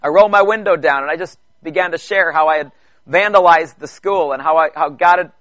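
A man preaching a personal testimony in church, chatty, with halting restarts and joking asides to the congregation. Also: a little high, a bit bright, no room sound. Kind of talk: conversational sermon testimony.

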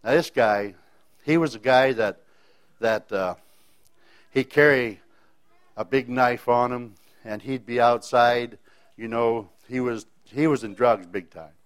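A man's voice: medium pitch, steady tone, slow, pauses often, clear, resonant tone. A man telling a personal faith testimony in a folksy, rambling way, often restarting his sentences. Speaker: speaker sharing a faith testimony.

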